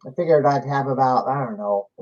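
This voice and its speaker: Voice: medium pitch, a little fast, a little mellow. A podcast host chatting casually about a home arcade, self-mocking and chatty. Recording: slightly dull, lo-fi audio.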